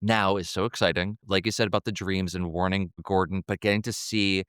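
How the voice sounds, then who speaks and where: A man with a lowish, smooth voice talks excitedly through film scenes in a podcast chat. He laughs now and then and lets his sentences trail off and restart. The recording is close and dry. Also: brisk, dry recording. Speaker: podcast co-host. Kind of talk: casual film discussion.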